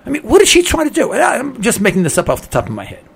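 A man's voice: extremely high pitch, wildly swooping pitch, rapid-fire, creaky, slight background noise. A man hosting a talk show, delivering an indignant, opinionated monologue with lots of repetition and rhetorical questions. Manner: indignant, ranting, repeats himself. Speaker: radio talk host.

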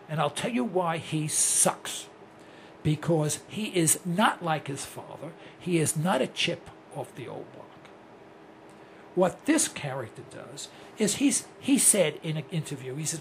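A man's voice: sits high, very animated, measured pace, fairly bright tone, slight background noise. A man in his sixties hosting a rambling, blunt talk radio monologue. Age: 60s. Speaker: host.

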